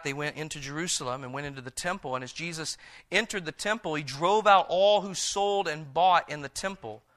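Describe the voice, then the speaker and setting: Male preacher, bright voice, fairly high pitch, hushed scripture reading, animated retelling. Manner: reads scripture in a slow, hushed voice and paraphrases in a lively, animated one.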